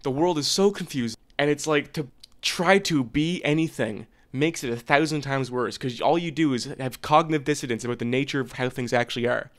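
A man's voice: mid-range voice, brisk. A man in his twenties ranting to the camera in an unscripted vlog, blunt, profane and earnest. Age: 20s. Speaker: vlogger.

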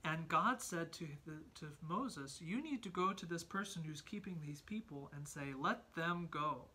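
Woman, 30s, home Sunday school teacher; husky, soft-spoken, patient with children. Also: deep voice, unhurried. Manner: gentle, encouraging, talks to children. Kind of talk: home Sunday school lesson and storybook reading. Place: family home.

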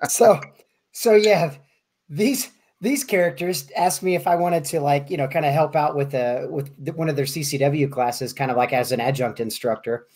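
A man in casual podcast chat, telling an animated story and swearing freely. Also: a little high, normal speed. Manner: animated storyteller, acts out voices.

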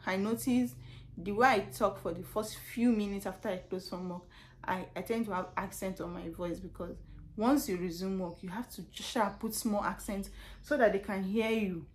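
A young Nigerian woman with a Nigerian accent tells stories from her customer service job in a relaxed vlog. She talks animatedly and repeats phrases for emphasis. Her pitch sits in an ordinary middle range for a woman. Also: moderate pace. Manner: animated storytelling with laughs and repetitions. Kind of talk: casual vlog chat.

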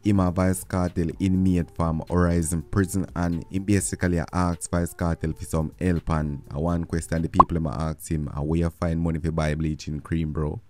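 A man's voice: low voice, level tone, normal speed, few pauses, dark tone. A man, casually commenting to viewers on entertainment news.

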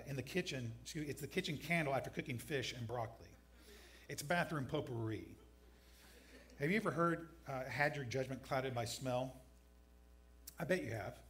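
A man's voice: mid-range voice, fairly bright tone. A man pastor giving a conversational sermon in a church, mixing scripture with dry jokes. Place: church sanctuary.

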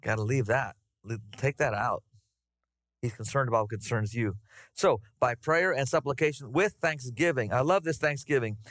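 A middle-aged man preaching a conversational, animated sermon to his congregation. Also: medium pitch, moderate pace, no room sound, clean studio sound. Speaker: pastor. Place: church sanctuary.

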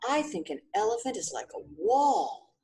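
A woman's voice: mid-range voice, big pitch swings, unhurried, warm tone, pitched above the performer's own voice. A woman voicing an earnest blind man explaining himself in a storybook reading. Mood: thoughtful.

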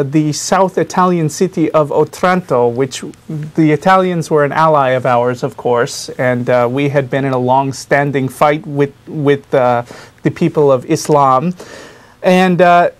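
A man voicing a fifteenth-century Spanish Inquisition official in a put-on Spanish accent, lecturing earnestly with many halting filler pauses. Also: on the high side. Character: male Spanish Inquisition official from 1400s Spain. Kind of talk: in-character monologue on a talk show.

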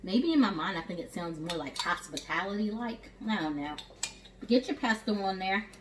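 A woman's voice: medium pitch, expressive, normal speed, noisy background. A woman with a Southern US accent giving a chatty, encouraging cooking demonstration in her home kitchen, calling her viewers y'all and honey. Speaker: home chef. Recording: echoey kitchen, voice from a distance.

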